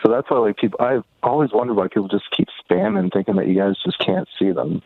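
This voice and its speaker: A man calling in, chatting casually in a relaxed, filler-heavy way. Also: lowish voice, fast, gravelly, no room sound. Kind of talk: casual chat. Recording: tinny phone line.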